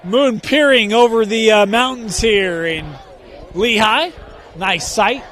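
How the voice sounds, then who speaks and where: A man with a notably high voice calls plays in short, brisk bursts. Between downs he trades jokes with his partner. It is a live broadcast from a stadium press box. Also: fairly bright tone, a faint crowd, a little hiss or hum. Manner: brisk play calls, bantering with co-host. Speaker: play-by-play announcer. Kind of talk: live football commentary.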